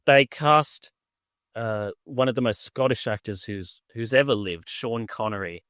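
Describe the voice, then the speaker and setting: A podcast co-host chats casually and enthusiastically about a film in a medium-pitched, fairly bright, clear and resonant voice, unhurried in pace. He rambles, full of "like," fillers and restarts. The recording is dry with clean studio sound.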